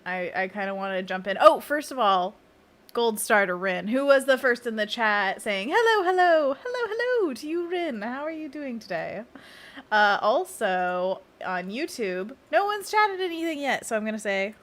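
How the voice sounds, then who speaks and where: A woman's voice: medium pitch, a bit bright. A young adult woman, a children's book illustrator, chatting casually and laughing often on her live stream.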